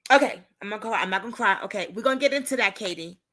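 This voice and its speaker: A woman's voice: medium pitch, rapid-fire. A woman hosting a casual livestream, chatting with her viewers and reacting to what she reads. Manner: animated, chatty, talks straight to viewers. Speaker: livestream host and advocate.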